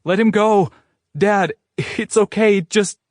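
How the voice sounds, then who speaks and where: A man's voice: sing-song, unhurried, dry recording, clean studio sound, exaggerated voice. A man voicing a distraught young woman pleading. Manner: high, urgent pleading.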